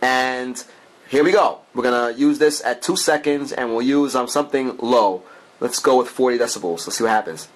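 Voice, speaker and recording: A man's voice: medium pitch, normal speed. A man doing a chatty, enthusiastic walkthrough of a music app, with fillers and frequent asides to the viewer. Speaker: app reviewer.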